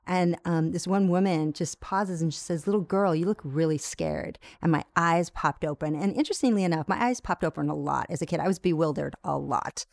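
A woman who teaches yoga, telling a long personal story as an interview guest, lively and full of restarts. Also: fairly low pitch, fairly quick, gravelly, hardly any pauses, no echo, studio quality. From United States. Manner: animated storyteller with many restarts. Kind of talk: storytelling in a conversation.

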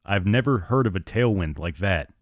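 A man's voice: sits low, animated, normal speed, dry recording. A man voicing a panicky, trembling male navigator in an audiobook, sounding tense and increasingly alarmed.

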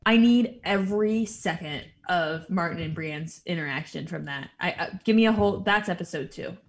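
A woman co-hosting a podcast, recapping a show in excitable casual chat, laughing and swearing. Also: fairly low pitch, moderate pace. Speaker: podcast co-host.

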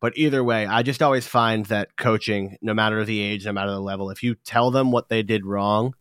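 A man's voice: fairly low pitch, brisk, smooth, no echo, clean studio sound. A man hosting a casual sports talk show, telling stories with energy and swearing now and then. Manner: animated storytelling, swears casually. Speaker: podcast host.

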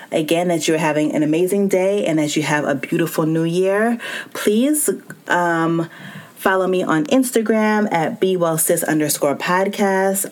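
Low-voiced woman hosting a wellness podcast. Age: adult with child and spouse. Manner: warm encouraging, speaks directly to listener. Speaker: podcast host. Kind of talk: solo wellness podcast talk.

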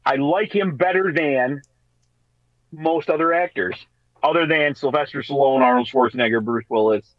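A man co-hosting a radio talk show, telling stories in a casual, animated way and laughing as he goes. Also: medium pitch, moderate pace, no echo, lo-fi sound. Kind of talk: casual storytelling chat.

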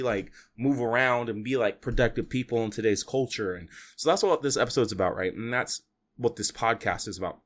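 A young man hosts his own podcast alone, talking in a loose, rambling way full of fillers and restarts. His tone is motivational and his voice sits at an ordinary male pitch. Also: fairly quick, a bit bright. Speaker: podcast host. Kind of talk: solo podcast monologue.

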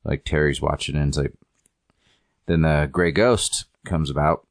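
A man with an extremely low, deep voice walks through a comic plot on a casual podcast. He talks in a halting way, with many ums and likes. The recording is dry and close. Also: fairly even intonation, no room sound. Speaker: podcast co-host reviewing comics. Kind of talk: casual chat recapping a story.

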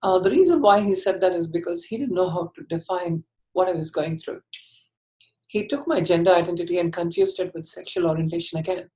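A woman telling her personal story in an interview, candid and earnest, often halting and restarting her sentences. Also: on the low side, dark tone, rough recording.

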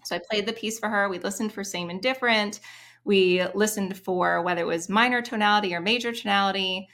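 A woman piano teacher explaining her methods in an interview, animated and singing short rhythm syllables to demonstrate. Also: medium pitch, a little fast. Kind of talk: interview explanation with sung examples.

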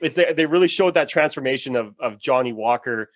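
A man's voice: mid-range voice, brisk, no echo, clean studio sound. A man co-hosting a casual podcast, ranting bluntly and profanely, and mocking characters in exaggerated voices. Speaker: podcast co-host. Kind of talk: casual chat, ranting review.

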